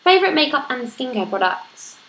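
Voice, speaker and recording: A woman's voice: sits high, big pitch swings, brisk, fairly bright tone. A woman, chatting casually to camera as she answers questions about motherhood, often laughing at herself. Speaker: vlogger answering a parenting tag. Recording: echoey room with faint noise.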